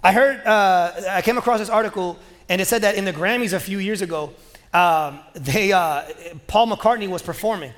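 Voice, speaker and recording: A man's voice: high voice, moderate pace, a bit bright. A man preaching a sermon as pastor, talking in a casual, joking, conversational way. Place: church sanctuary. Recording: long reverb of a large hall.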